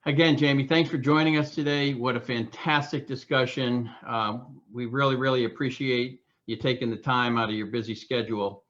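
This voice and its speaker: A man's voice: medium pitch, fairly even intonation, moderate pace, hardly any pauses, a bit bright. A man, the club president, wrapping up a meeting with repetitive, enthusiastic thanks. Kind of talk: formal meeting wrap-up. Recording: dull lo-fi call audio.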